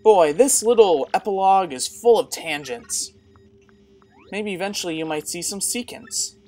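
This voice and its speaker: A woman's voice: medium pitch, expressive, moderate pace, dark tone, a little hiss or hum. A woman casually commenting on a game walkthrough in a chatty, wry, self-mocking way. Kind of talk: casual let's-play commentary.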